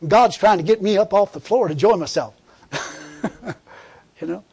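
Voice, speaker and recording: Husky-voiced man preaching fervently. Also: sits high, expressive, slow, pauses often, a little mellow. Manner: fervent, conversational preaching with repetitions and laughs. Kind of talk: sermon.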